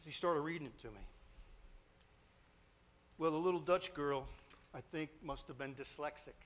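A man's voice: fairly high pitch, normal speed, a bit bright, slight background noise. A man preaching a storytelling sermon, confessional and emotional, with self-deprecating humor.

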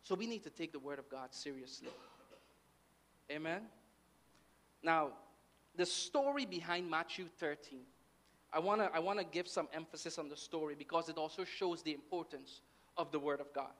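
Bright-voiced male preacher, lively. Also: a little high, moderate pace, long pauses. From Guyana. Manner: lively, with call-and-response "amen" and "right" checks. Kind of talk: sermon.

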